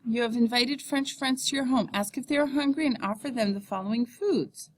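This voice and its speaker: A woman French teacher giving a recorded lesson, explaining in English and saying French phrases slowly for students to repeat. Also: a little high.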